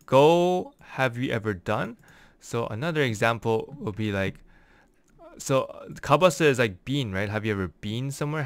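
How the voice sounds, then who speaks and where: A man giving a casual language lesson, explaining phrases word by word and slowing down for examples. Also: medium pitch, fairly bright tone, smooth, dry recording. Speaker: language teacher.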